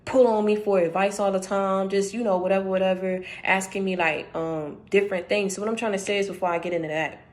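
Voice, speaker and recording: A woman's voice: medium pitch, steady tone, fast, few pauses. Emphatic woman giving a spiritual talk. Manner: emphatic, repeats phrases for stress; conversational, addresses listener directly. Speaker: channel host giving a spiritual message.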